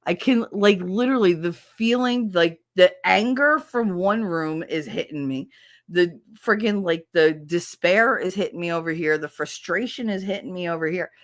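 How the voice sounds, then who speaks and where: Woman, low pitched, podcast host, candid monologue, blunt, swears a lot, rambling restarts. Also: normal speed. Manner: blunt and emotional, swearing freely.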